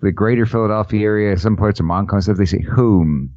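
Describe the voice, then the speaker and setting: A man's voice: fairly low pitch, steady tone, darkish tone, no echo, lo-fi sound. Joking man hosting a podcast. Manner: joking, laughs often, halting restarts. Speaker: podcast host. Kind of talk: casual chat.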